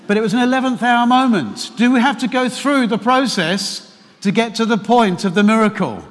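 A man preaching a sermon to his church, telling a personal story with animated, emphatic questions. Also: very high voice, normal speed. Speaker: pastor. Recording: long hall reverb.

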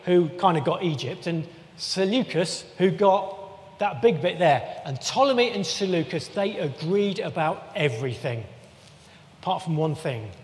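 A man preaches in a relaxed, chatty way, tossing in jokes and circling back to restart his thoughts. His voice sits high for a man, and it carries the long reverb of a church hall. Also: measured pace. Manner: chatty, jokey asides, frequent restarts. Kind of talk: conversational sermon with a map.

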